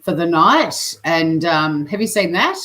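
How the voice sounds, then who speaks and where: A woman's voice: fairly low pitch, very animated, unhurried, a bit bright, poor audio. A woman hosting a long livestream on a video call, chatting casually and laughing often. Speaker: livestream host.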